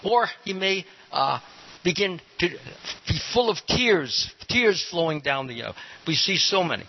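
A man giving a devotional lecture as a spiritual teacher, speaking in an animated way and quizzing his audience. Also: high-pitched, a little slow. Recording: dull lo-fi recording with hiss.

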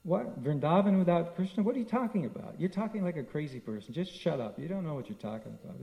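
A man's voice: lively intonation, fast, creaky, mellow. A man voicing a frantic mother who refuses to believe her son is leaving, scolding and incredulous. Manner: incredulous, scolding, rising pitch.

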